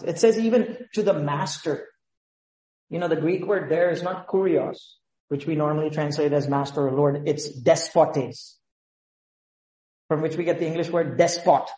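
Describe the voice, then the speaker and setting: A man's voice: sits high, a little mellow, roomy sound, low-quality recording. A man, a pastor, preaching a sermon with emphatic rhetorical questions.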